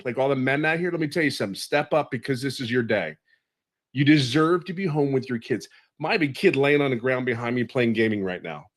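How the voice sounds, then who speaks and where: A man in his fifties giving an earnest, emotional testimonial on a video call webinar, pleading and repeating phrases for emphasis. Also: mid-range voice. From California. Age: 50s.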